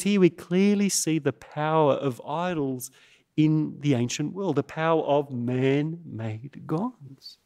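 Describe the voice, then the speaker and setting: Male pastor, sermon delivery; slow, deliberate, emphatic, with long dramatic pauses. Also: fairly high pitch, darkish tone. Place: church.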